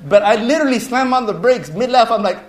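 A man casually telling a story to listeners, animated and chuckling as he goes. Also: very high-pitched, fast talker. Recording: roomy echo.

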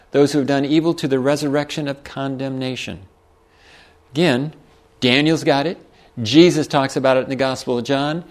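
A man delivering a sermon at a middle pitch, moving between steady scripture reading and relaxed, folksy explanation. He chuckles now and then as he makes his points. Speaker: preacher.

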